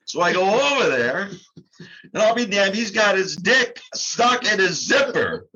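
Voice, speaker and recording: A man's voice: sits high, big pitch swings, measured pace, sharp tone, husky. An older man telling a story as a guest in a casual talk, chatty and laughing and trailing off with fillers, recorded on dull, lo-fi audio. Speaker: guest, drum shop co-owner.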